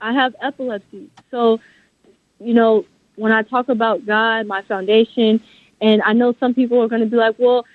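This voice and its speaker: A woman author speaks at normal speed in a slightly high voice with fairly even intonation during a phone interview. The line is dry, with no room sound, and she talks passionately, emphatically, and with faith-driven conviction.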